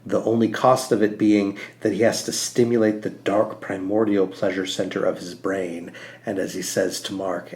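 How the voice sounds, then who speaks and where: A man's voice: deep voice, flat delivery, moderate pace, darkish tone. A man co-hosting a podcast, talking earnestly and animatedly about a comic, with frequent "like" fillers. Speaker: podcast co-host. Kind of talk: casual podcast discussion.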